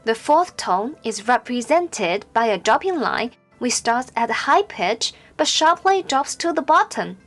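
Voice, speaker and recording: Slow, high-voiced woman teaching pronunciation. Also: big pitch swings, soft background music. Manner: slow, careful, clearly enunciated with drawn-out example syllables. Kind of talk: scripted instructional narration.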